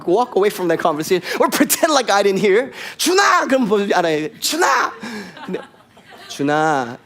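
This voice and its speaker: A man preaching a sermon as pastor, switching back and forth between two languages in a lively, emphatic way. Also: high voice. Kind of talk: bilingual sermon.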